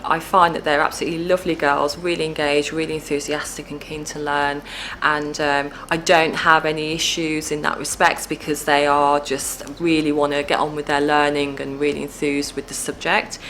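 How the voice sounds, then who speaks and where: A woman's voice: deep voice, flat delivery, moderate pace, fairly bright tone, a little hiss or hum, rough recording. A female sociology teacher speaking enthusiastically about her students.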